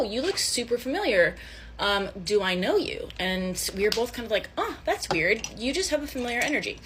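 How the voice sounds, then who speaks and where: A young woman casually telling a first date story, chatty and animated, acting out the dialogue. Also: medium pitch, slight background noise.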